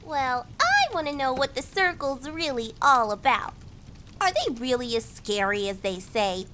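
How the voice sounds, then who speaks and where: A woman playing a shrill, curious female gnome. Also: big pitch swings, a little slow, noisy background. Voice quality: shrill, eager. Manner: nosy and bossy.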